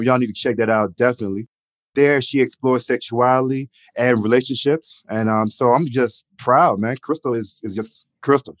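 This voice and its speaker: A man's voice: mid-range voice, no room sound, clean studio sound. A man co-hosting a podcast in casual, emotional chat, often saying "you know" and "man". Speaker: podcast co-host.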